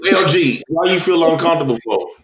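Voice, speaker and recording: Lively, high-voiced teasing man, echoey. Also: quick pace, over a noisy crowd. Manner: teasing, crude, laughs a lot. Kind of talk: casual banter on a livestream.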